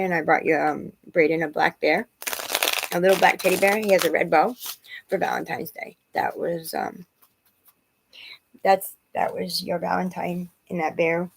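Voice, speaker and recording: A woman's voice: on the low side, fairly even intonation, brisk, vocal fry, slight background noise, low-quality recording. A woman who is a mother, rambling and agitated as she tells a personal story in a vlog. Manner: rambling and agitated, quoting others.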